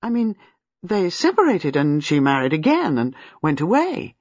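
A reader voicing a keen young husband who explains plans briskly and quickly. The voice is husky, and the close, dry recording is a little dull. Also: male voice, fairly high pitch, wildly swooping pitch, dry recording, exaggerated voice. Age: young adult. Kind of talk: audiobook character voice.

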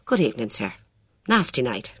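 A man's voice: mid-range voice, very animated, moderate pace, breathy edge, no echo. A reader voicing a chatty, persuasive Irish hotel doorman in an audiobook, with an Irish accent. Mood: coaxing. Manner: coaxing, folksy.

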